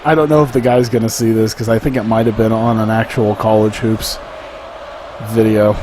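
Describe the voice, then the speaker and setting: A man's voice: on the low side, little pitch movement, moderate pace, noisy background. A young man streaming a basketball video game, chatting in a rambling, laughing way. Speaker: gaming streamer. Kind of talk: casual gameplay commentary.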